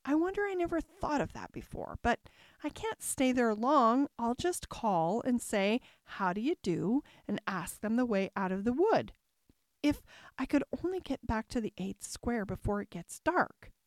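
Chatty curious little girl musing out loud, a woman doing her, dry close sound. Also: a little high, measured pace, no echo. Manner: musing aloud to herself, lively and wondering. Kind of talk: storybook reading.

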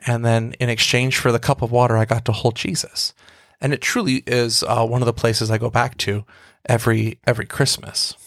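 A man's voice: medium pitch, level tone, a little fast, no room sound, clean studio sound. A man, a priest co-hosting a faith podcast, telling a prayer story in a reflective, storytelling way with frequent restarts. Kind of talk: casual faith podcast conversation.

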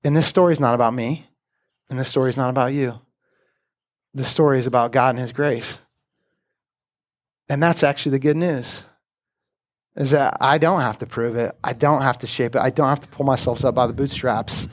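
A man, a pastor, preaching a sermon in a relaxed, conversational way, often repeating words as he starts a thought. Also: medium pitch, moderate pace, pauses often.

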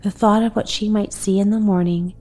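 A woman reading a bedtime story aloud, gentle, unhurried and soothing. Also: medium pitch, fairly even intonation, faint music behind.

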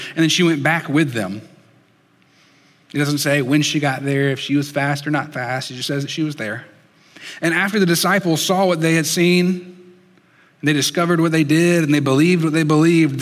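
Earnest male preacher in a reverberant hall. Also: a little high. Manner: earnest, dropping soft and slow for emphasis. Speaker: pastor. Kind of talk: sermon.

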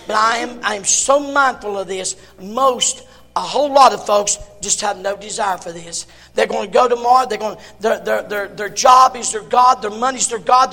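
A man with a strikingly high, piercing voice preaches with fire, his words ringing out in the long echo of a big church hall. He swings from shouting to near-hushed delivery. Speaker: pastor. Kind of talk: sermon.

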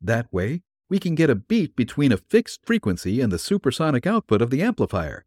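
An eager, gruff male tinkerer, as a man puts him on, excited and lively, his husky voice bouncing up and down as he rushes through his technical plans. He sounds pulled up a little above a low, husky register. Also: dry recording, clean studio sound. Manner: excited, rapid technical explaining.

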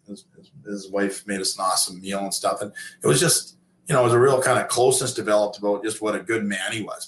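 A man in his fifties tells long stories in a loose, rambling way. His voice sits a bit low and he restarts often with fillers. The sound carries the echo of the room. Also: fairly bright tone, a little hiss or hum. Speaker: interview guest, former pro hockey player turned coach. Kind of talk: casual storytelling. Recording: echoey room.

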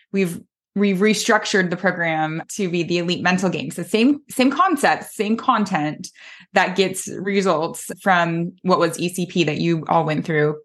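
Woman podcast host, a coach, encouraging and upbeat, lowish voice. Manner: encouraging, enthusiastic, affirming. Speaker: host, mental performance coach. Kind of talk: podcast interview.

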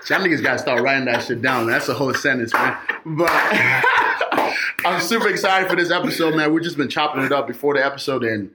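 A man's voice: mid-range voice, fairly quick, heavy background noise. A man co-hosting a podcast, talking casually and playfully with loose slang. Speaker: podcast co-host.

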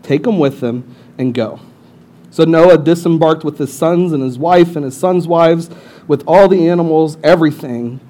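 A young adult man giving a casual, humorous sermon as lead pastor, retelling the story with lively asides. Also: normal speed. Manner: animated storyteller who jumps into high-pitched voices for characters.

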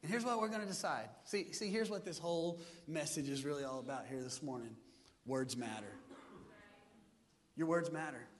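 A man preaching to a congregation. His voice sits high for a man, and he keeps the crowd joining in. The sound rings with the long reverb of a big hall. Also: normal speed. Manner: animated preaching, talks to the congregation and gets them to join in. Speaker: pastor. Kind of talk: sermon.

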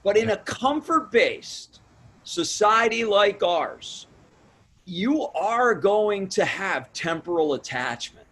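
A man's voice: high-pitched, expressive, slow pace, husky. A man, a pastor and author speaking as an interview guest in an emphatic, sermon-like storytelling manner. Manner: emphatic, storytelling, builds to shouts when retelling. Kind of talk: conversational interview, preaching tone.

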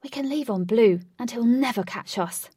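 A woman voicing a gentle young male hero who speaks softly and earnestly in a storybook reading. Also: fairly high pitch, normal speed, breathy edge, dry recording, clean studio sound, distant mic, pitched above the performer's own voice.

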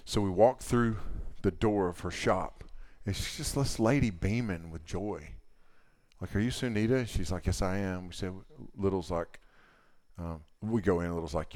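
A middle-aged male camp speaker with a lowish voice tells a story to a young crowd, acting out each exchange. He swings from loud bursts to hushed lines. The sound is dry and close. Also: normal speed, no echo. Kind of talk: youth camp sermon storytelling.

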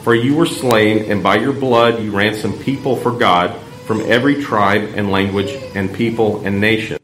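Man, lector reading scripture in a solemn, measured voice; lowish pitch, roomy church echo, faint hum. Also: fairly even intonation, fairly bright tone. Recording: echoey church room, faint background hum.

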